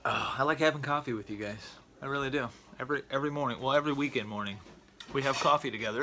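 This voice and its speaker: A man's voice: medium pitch, fast talker, noisy background. A man talking casually to his viewers in a vlog, rambling and stumbling over repeated words as he goes. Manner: chatty, talking straight to viewers. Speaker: vlogger.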